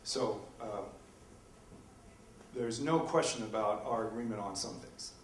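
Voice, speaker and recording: A man gives a debate talk with many ums and uhs. He sounds distant from the mic, and his voice echoes around a roomy hall. His pitch sits in the middle, with faint noise underneath. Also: a little slow. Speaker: philosophy professor in a debate. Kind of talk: public debate presentation. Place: university lecture room. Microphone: distant from the microphone. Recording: echoey room recorded from afar.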